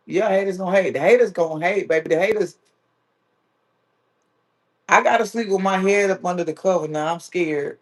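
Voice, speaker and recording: A man's voice: high voice, normal speed, pauses often. A man hosting a live stream who chats casually and teases his viewers, reading their comments aloud. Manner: playful, teasing, reads viewer comments aloud. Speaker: livestream host.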